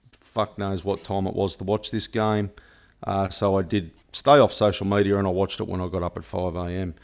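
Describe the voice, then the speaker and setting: A man's voice: on the low side, clean tone. An Australian man hosting a football podcast in loose, sweary, laughing chatter. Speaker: podcast host. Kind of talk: casual football podcast chat.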